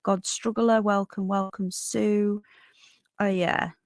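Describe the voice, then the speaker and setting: Tired, gravelly-voiced woman hosting a livestream. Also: medium pitch, little pitch movement, slow, darkish tone, dry recording, clean studio sound. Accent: Northern English. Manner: greets viewers by name while reading chat; calls viewers darling and sweetheart. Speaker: livestream host. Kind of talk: casual livestream chat.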